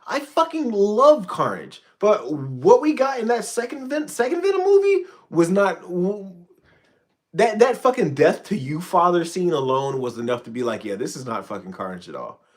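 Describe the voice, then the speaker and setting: A man's voice: high voice, big pitch swings, moderate pace. A man hosting a casual livestream, ranting in a profane, rambling way with frequent stammered restarts. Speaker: channel host.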